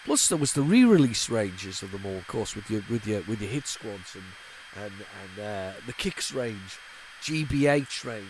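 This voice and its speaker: A man's voice: lowish voice, very animated, moderate pace, few pauses, darkish tone, a little hiss or hum, rough recording. A man in his forties, hosting a retro gaming channel, rambling and nostalgic, with frequent stammering restarts and repeated words. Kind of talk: casual off-the-cuff commentary while loading a tape.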